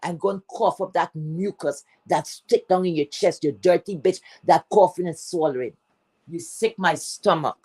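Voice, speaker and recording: A Caribbean-accented woman on a livestream, ranting with heavy cursing. Her voice swings between loud outbursts and low grumbles, and she hammers the same phrases again and again. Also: moderate pace, husky. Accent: Caribbean English. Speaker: livestream host. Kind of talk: heated livestream rant.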